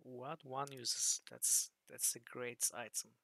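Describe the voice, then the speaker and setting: Gravelly-voiced man streaming a game. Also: mid-range voice, level tone, slow pace, pushed and bright, dry recording. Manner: thinking aloud, chuckling at the game. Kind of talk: casual gameplay commentary.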